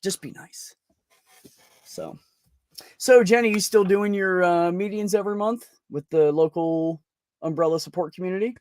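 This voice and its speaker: A man's voice: high-pitched, moderate pace, a little mellow. Blunt, swearing man on a podcast. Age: middle-aged. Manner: blunt, heavy swearing, venting rants. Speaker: podcast host. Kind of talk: casual chat.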